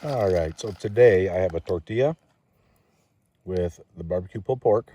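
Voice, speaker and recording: A man's voice: low-pitched, moderate pace, dark tone, breathy edge. A man telling casual, folksy stories while hiking outdoors, a little out of breath from climbing. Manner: chatty, loose and folksy, swears casually. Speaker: thru-hiker vlogger.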